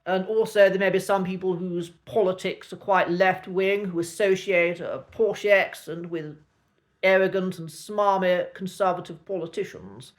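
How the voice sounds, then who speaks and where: A man with a traditional Received Pronunciation accent, teaching a spoken lesson with clipped vowels and an authoritative, measured manner. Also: sits high, fairly even intonation. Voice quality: clipped, cut-glass vowels. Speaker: accent coach.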